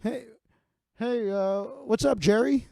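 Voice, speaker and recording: A man's voice: sits high, slow pace, vocal fry, mellow, no echo, clean studio sound, pitched above the performer's own voice, full character voice. A man playing a crude rowdy bar regular. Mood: mocking. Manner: mocking, crude banter.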